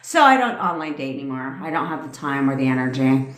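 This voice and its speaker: A woman's voice: a bass voice, sing-song, fast talker, roomy sound. A middle-aged woman talking casually on a livestream, blunt and profane, telling a dating story and laughing often. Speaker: manifestation coach on a livestream.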